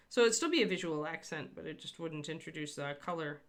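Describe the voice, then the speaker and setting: Her voice is deep and expressive, and she talks fairly fast. As a miniature painter running a casual painting livestream, she rambles chattily while responding to viewers in the chat.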